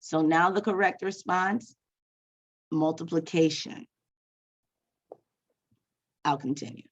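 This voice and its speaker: Woman teacher leading a teacher training session, lowish voice, casual and self-correcting, dull lo-fi recording. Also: measured pace. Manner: conversational, restarts and corrects herself. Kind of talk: professional development talk to teachers. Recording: dull lo-fi sound.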